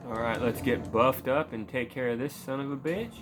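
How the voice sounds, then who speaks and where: A man's voice: mid-range voice, normal speed, noisy background. A man casually commenting over gameplay, rambling and swearing and laughing at his own jokes. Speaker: gameplay streamer.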